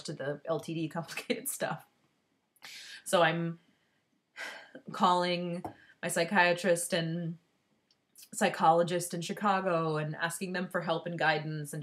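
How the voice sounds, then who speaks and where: A woman speaks straight to her viewers in a heartfelt, unscripted vlog. She talks candidly, stopping and restarting her sentences, and her voice sits somewhat low for a woman. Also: a bit bright. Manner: candid, halting, with many restarts and fillers; earnest and heartfelt. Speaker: vlogger giving a personal update. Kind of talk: emotional personal vlog.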